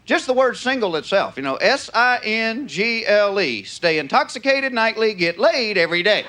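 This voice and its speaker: A man's voice: sits high, sing-song, normal speed, bright, forceful tone. A man with a Southern US accent doing folksy stand-up comedy with a drawling, punchy delivery. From American South. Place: live theater stage. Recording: live show with audience noise.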